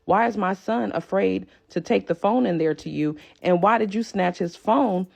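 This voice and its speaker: A woman telling a personal family story to her viewers in a casual, animated way, often speaking to them directly as y'all. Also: medium pitch, moderate pace, creaky.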